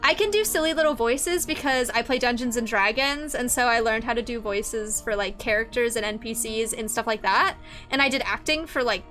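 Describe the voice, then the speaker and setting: Excitable high-voiced woman streamer. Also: fairly quick, faint music behind. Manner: excitable, chatty, greets viewers. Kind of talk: live game-stream commentary.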